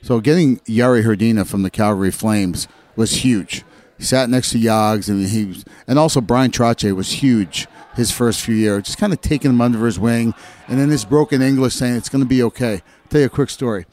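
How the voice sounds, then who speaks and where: A man's voice: medium pitch, moderate pace. A middle-aged man, a former hockey player, telling locker-room stories in casual chat and acting out the voices he quotes. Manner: animated storyteller, acts out quoted voices.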